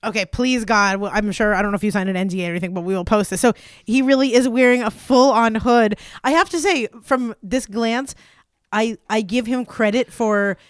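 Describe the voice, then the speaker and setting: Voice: mid-range voice, brisk, clear, resonant tone, no room sound, studio quality. A host interviewing a guest in casual chat, laughing often and asking short questions.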